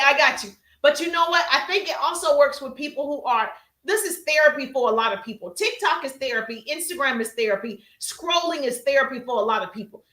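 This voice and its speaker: Bright, high-voiced energetic woman coach. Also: echoey room. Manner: calls out to viewers in the chat. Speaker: social media business coach. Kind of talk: live-stream teaching to viewers.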